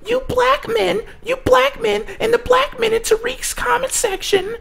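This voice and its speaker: A man faking a shrill nasal ranting woman. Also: measured pace, vocal fry, pushed and bright, exaggerated voice. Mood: mocking. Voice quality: nasal, squeaky falsetto. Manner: mocking, exaggerated.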